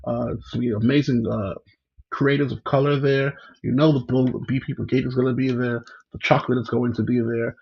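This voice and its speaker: A man's voice: mid-range voice, level tone, fairly quick, creaky, slightly rough, muffled recording. A man hosting a casual livestream, chatting and greeting viewers by name. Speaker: livestream host.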